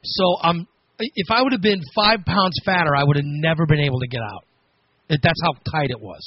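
Raspy guy on the radio cracking himself up telling a story, kinda high voice, dry dull sound. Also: brisk, no echo. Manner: animated, laughing, self-mocking storyteller. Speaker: radio host. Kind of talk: casual on-air storytelling.

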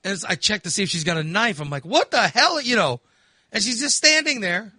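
A man's voice: high voice, sing-song, brisk, pushed and bright, no echo, studio quality. A man hosting a podcast, telling stories in casual chat with laughs and voiced asides. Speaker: podcast host.

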